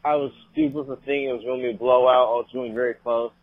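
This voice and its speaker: A man's voice: mid-range voice, little pitch movement, rapid-fire, crowd noise. A man calling in to a sports podcast, frustrated and swearing as he complains. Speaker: caller. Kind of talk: call-in sports chat. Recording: dry tinny phone line.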